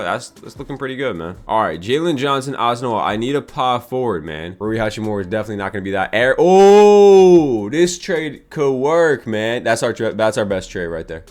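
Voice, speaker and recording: A young man with a somewhat low voice gives casual gameplay commentary, reasoning out loud in loose slang. He swings between quiet mumbling and sudden irritated outbursts, like a YouTuber talking over his screen at a desk mic. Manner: slangy, frustrated outbursts, thinking aloud. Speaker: gaming YouTuber.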